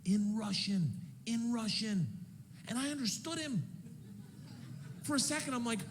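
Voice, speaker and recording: Animated loud stand-up comedian man. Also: very high voice, a little fast, long pauses. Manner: animated, loud, shouting punchlines. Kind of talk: stand-up storytelling. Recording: noisy live stand-up recording.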